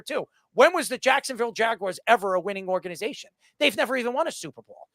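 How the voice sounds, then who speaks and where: A man hosting a casual sports talk show, telling animated stories. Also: very high-pitched, fast talker, few pauses, dry recording. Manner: animated storytelling with mock voices. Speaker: podcast host. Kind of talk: casual chat.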